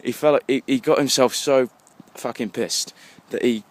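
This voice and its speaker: Out on a street at night, a tipsy twenty-something English vlogger holds up his phone while walking home, rambling and swearing all the way through a casual monologue. His voice is mid-range at a normal speed, and faint traffic passes by in the background.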